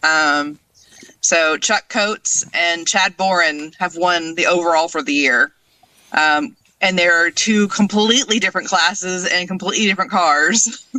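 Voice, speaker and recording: A woman's voice: fairly low pitch, measured pace, bright, forceful tone, no echo, rough recording. A woman who organizes a car racing club, speaking as a guest over her cell phone. She answers in a friendly, casual way and laughs between points.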